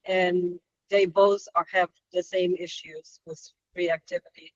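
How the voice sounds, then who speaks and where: Guy asking questions on a webinar, kinda hesitant, flat voice, muffled call audio. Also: high voice, unhurried, dry recording. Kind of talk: casual questions on a video call.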